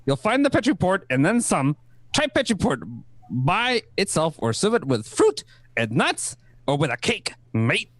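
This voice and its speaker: A man's voice: sits high, huge pitch swings, measured pace, a bit bright, no echo, studio quality, exaggerated voice. A man voicing an old-time radio announcer with a put-on New Zealand accent, tacking "mate" onto his lines. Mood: hammy. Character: male radio announcer with a shaky Kiwi accent. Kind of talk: amateur radio play reading.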